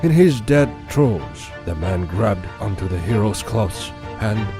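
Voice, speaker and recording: A fantasy storybook narrator with a forced old-world accent, telling his tale slowly and theatrically. His pitch rises and falls dramatically. Loud music plays under him throughout. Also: expressive. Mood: dramatic. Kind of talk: trailer voiceover narration. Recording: voiceover with loud music bed.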